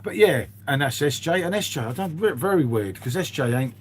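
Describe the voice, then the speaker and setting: A man's voice: fairly high pitch, expressive, a little fast. A man hosting a live stream, chatting casually to viewers and rambling from one thing to the next. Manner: rambling, calls everyone "mate". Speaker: livestream host.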